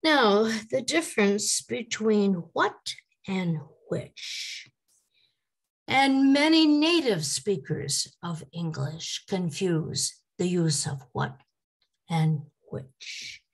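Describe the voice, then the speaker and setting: Slow, gravelly woman teaching English. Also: medium pitch, big pitch swings. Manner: deliberate, models example questions aloud. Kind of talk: slide-based teaching lecture.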